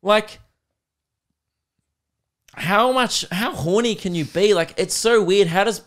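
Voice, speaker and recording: Speaking slowly in a high, somewhat bright voice, a young Australian comedian hosting a podcast goes on a crude, sarcastic rant between bursts of laughter. It's a loose, comedic rant.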